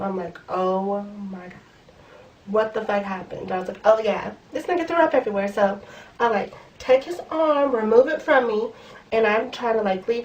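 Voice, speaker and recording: A young woman vlogger telling a blunt, profane story in casual slang, recorded in her room. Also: medium pitch. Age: young adult. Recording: voice a bit far from the mic.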